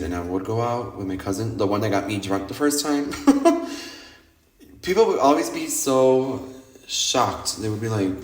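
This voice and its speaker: Lively gay man telling nightlife stories. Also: medium pitch, echoey room, low-quality recording. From United States. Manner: animated, laughing often, self-mocking. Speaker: podcast host. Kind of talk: casual storytelling monologue. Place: home in Mexico.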